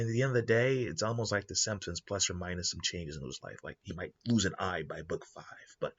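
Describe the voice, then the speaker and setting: Husky-voiced man pitching a story idea. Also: dull audio. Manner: animated, acts out quoted characters in passing. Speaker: podcast host. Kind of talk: casual story pitch monologue.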